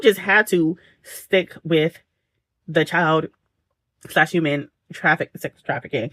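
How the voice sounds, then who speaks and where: A woman's voice: lowish voice, slow pace, fairly bright tone, no room sound. A woman recapping a book for her vlog in a casual, dramatic way, peppering the story with slang asides, at home late at night. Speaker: book vlogger.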